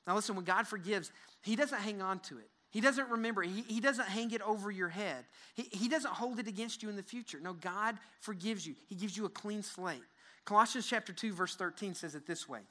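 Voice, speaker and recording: Bright-voiced earnest pastor preaching. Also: medium pitch. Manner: earnest direct address, repeats words, leads the listeners in prayer. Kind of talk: sermon to a live congregation. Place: church service.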